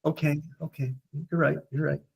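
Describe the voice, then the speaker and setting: An older man with a husky, slightly raised voice tells stories to a group. He acts out other people's lines as he goes, and his pitch and loudness swing widely from one phrase to the next. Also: moderate pace, muffled recording. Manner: animated storyteller acting out voices. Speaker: support group speaker. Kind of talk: storytelling talk to a group.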